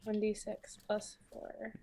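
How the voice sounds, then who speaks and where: A woman's voice: medium pitch, completely flat delivery, slow pace, gravelly, warm tone, slight background noise. A woman playing in a tabletop game, casual and candid as she explains her rolls. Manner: apologetic, candid about rolls. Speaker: player.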